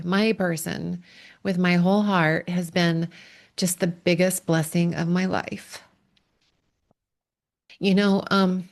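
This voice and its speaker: A middle-aged woman relationship coach speaking in a heartfelt, emotional podcast monologue, sometimes pausing to steady herself. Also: lowish voice, gravelly.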